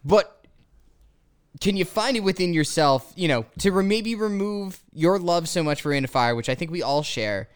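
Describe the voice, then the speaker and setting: A man's voice: high-pitched, lively intonation, normal speed, clean tone. A man hosting a casual podcast discussion, often stumbling over his words and restarting sentences. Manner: hesitant, restarts a lot. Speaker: podcast host.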